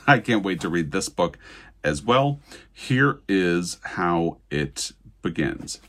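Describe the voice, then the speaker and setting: A man with a low, slightly husky voice talks through his latest book haul in a relaxed, chatty way. He sounds eager and grateful, and his pitch rises and falls a lot as he talks. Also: measured pace. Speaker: book vlogger. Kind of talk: casual book haul talk with read-aloud excerpts.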